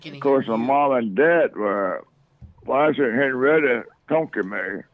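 An older man from Oklahoma is interviewed and recalls his childhood in a slow, plain way. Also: mid-range voice, animated. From Oklahoma, USA. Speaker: elder being interviewed. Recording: tinny dry phone line.

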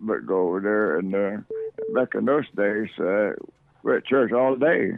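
An older man from Oklahoma is interviewed and recalls his childhood in a slow, plain way. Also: on the low side, creaky, slight background noise. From Oklahoma, USA. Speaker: elder being interviewed. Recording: tinny dry phone line.

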